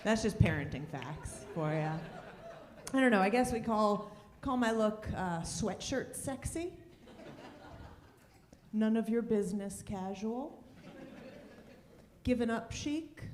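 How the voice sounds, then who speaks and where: A woman's voice: mid-range voice, slow, pauses often. Wry woman doing stand-up, roomy club. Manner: wry, deadpan punchlines with lively asides. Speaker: stand-up comedian. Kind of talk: stand-up comedy set. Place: comedy club stage.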